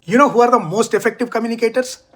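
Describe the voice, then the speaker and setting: Man with a high voice, emphatic writing-coach delivery for an online lesson. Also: fairly bright tone. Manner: clear, emphatic, deliberate teaching delivery. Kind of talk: scripted online English lesson.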